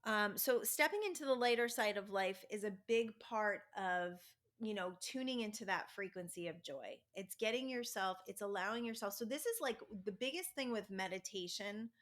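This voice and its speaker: A woman's voice: medium pitch, normal speed, hardly any pauses. Chatty upbeat woman podcast host. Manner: chatty storytelling, animated and upbeat. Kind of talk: casual spiritual self-help monologue.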